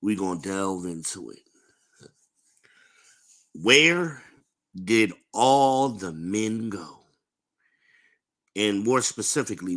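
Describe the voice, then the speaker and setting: A man hosting a live-streamed podcast, talking in a slow, emphatic, lecturing way. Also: deep voice. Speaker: podcast host.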